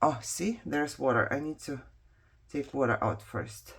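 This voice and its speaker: A woman's voice: rumbling low, unhurried, vocal fry, breathy edge. A woman whose first language is not English, chatting and telling a story while she crafts, rambling, laughing often and talking to herself as she works. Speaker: craft vlogger.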